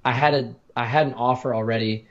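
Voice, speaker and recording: A man's voice: medium pitch, steady tone, fairly quick, lo-fi sound. A man casually telling stories about his college football recruiting, rambling with many restarts. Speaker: podcast co-host, former college football player. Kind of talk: casual podcast storytelling.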